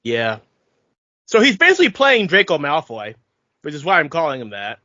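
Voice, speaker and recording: A man co-host with a somewhat high voice, talking through film details with dry quips. The recording is dull and lo-fi, close and dry. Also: huge pitch swings, normal speed, bright, forceful tone, no echo. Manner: explaining with wry one-line quips. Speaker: podcast co-host. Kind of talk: casual chat about a film.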